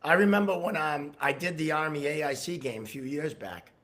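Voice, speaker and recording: A man's voice: a little high, a little fast, fairly bright tone. A man co-hosting a casual podcast, who jokes often and laughs readily. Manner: laughs often, jokey banter. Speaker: podcast co-host.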